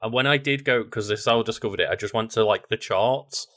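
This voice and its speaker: Low-voiced man rambling casually. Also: fast. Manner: relaxed, rambling, many fillers. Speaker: podcast co-host. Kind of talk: casual chat.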